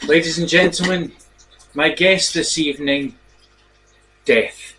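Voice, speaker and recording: A man's voice: on the high side, fairly even intonation, slow pace, sharp tone, a little hiss or hum, rough recording. A man hosting a comedy show, making theatrical, showman-like introductions. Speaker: show host. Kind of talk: comic radio-style announcing.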